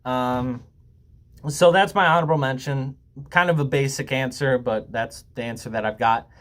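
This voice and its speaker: A young man in a relaxed, unedited talk to camera, drifting between jokes and apologies. His pitch sits in an ordinary middle range. He fills the gaps with ums and lets the odd swear word slip. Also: normal speed. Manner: rambling and joking with frequent ums and swearing. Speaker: YouTuber. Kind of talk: casual laid-back talk to camera.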